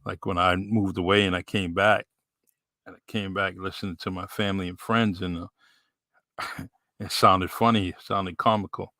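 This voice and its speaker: A man with a New England accent hosting a podcast in a relaxed, rambling way with many fillers. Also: low-pitched, normal speed, no room sound. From New Bedford, Massachusetts. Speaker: podcast host. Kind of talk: casual live-stream chat.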